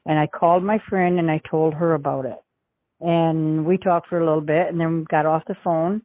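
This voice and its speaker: A woman's voice: low-pitched, fairly even intonation, moderate pace, dry recording, lo-fi sound. A middle-aged woman recounting a past event as an interview witness, rambling along and acting out the dialogue she quotes. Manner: rambling storyteller who acts out quoted dialogue.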